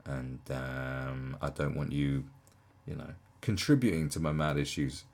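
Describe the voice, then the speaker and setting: A man's voice: a bass voice, a little slow, darkish tone. A man giving casual reaction commentary in an incredulous, mocking way, laughing often.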